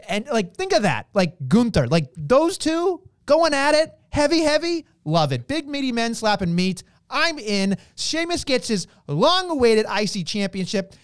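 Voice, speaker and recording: A man co-hosting a casual podcast with a lively voice that swings all over in pitch. He stretches words out for emphasis and tosses in playful exclamations. The sound is dry and close to the mic. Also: no room sound. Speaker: podcast co-host. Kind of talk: casual wrestling chat.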